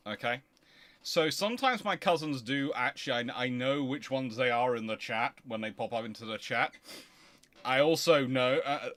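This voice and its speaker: Excitable man hosting a livestream. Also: mid-range voice, no room sound. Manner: excitable, rambling, frequent restarts. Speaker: history livestream host. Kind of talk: casual livestream chat.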